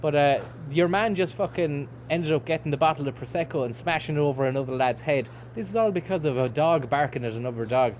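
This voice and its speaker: A man's voice: fairly high pitch, quick pace, few pauses, slight background noise. A man streaming a game, rambling and swearing casually while he reads out and answers chat messages. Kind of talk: casual let's-play commentary.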